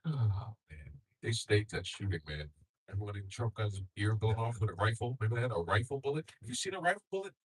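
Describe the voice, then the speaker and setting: A man's voice: on the low side, expressive, quick pace, breathy edge, low-quality recording. Profane, rambling middle-aged comedian man. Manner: profane, rambling, loud bursts when acting out others. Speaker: stand-up comedian. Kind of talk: stand-up comedy set.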